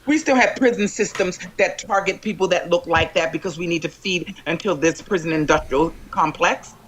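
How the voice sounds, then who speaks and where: A panelist speaking in a forceful, profane, emphatic way during a heated political panel chat, calling in remotely. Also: medium pitch, normal speed, slight background noise. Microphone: remote call-in to live panel.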